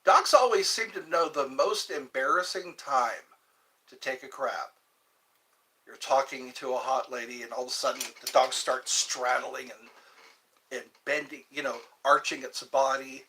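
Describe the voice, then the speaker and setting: A man's voice: mid-range voice, measured pace, bright, forceful tone. A man hosting a livestream, chatting casually and jokingly in a rambling way. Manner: jokey, laughs often, breaks into song snippets. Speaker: livestream host.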